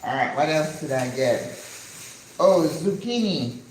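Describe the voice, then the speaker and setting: A woman's voice: deep voice, expressive, unhurried, a little mellow, reverberant, slight background noise, low-quality recording. A woman in her sixties, originally from the United States, chatting enthusiastically in a casual vlog as she unpacks groceries in her kitchen and drops in Spanish words. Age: 60s. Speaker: vlogger.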